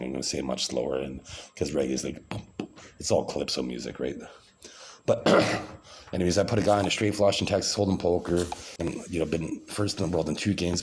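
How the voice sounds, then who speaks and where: A man's voice: extremely low pitch, a little hiss or hum. A man talking to camera in a rambling, grandiose vlog monologue, with frequent restarts and repeated words.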